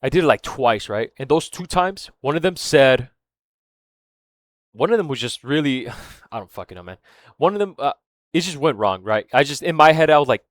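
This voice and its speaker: A man's voice: medium pitch, lively intonation, moderate pace, no echo. Rambling, cursing man in a dry room. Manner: rambling, profane, keeps losing his thread; filler-heavy, with frequent "right?" and "man". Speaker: vlogger. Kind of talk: casual rambling monologue.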